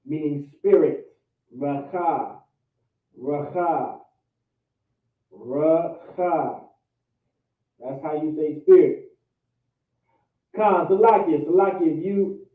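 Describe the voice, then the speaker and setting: A man teaching a class, drilling vocabulary and pronunciation by repeating each word again and again, with an American accent, over an online call. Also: high-pitched. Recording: tinny, echoey, distant call audio.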